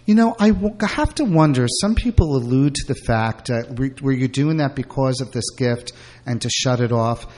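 A man's voice: mid-range voice, normal speed, darkish tone. Casting: middle-aged man, guest, rambling candid storyteller with lots of fillers. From Brooklyn. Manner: rambling, frequent fillers and restarts.

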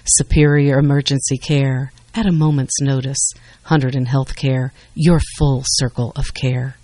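An announcer giving a smooth, scripted read for a hospital ad. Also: medium pitch, little pitch movement, unhurried, mellow, no echo.

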